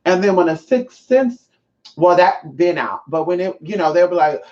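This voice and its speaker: A woman vlogger telling stories to her viewers in a casual, profane way, often calling them y'all and jumping up in pitch for emphasis. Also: normal speed. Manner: profane, chatty, keeps addressing viewers as y'all; animated, pitch jumps up for emphasis. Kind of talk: casual storytelling to camera. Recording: slightly dull lo-fi sound.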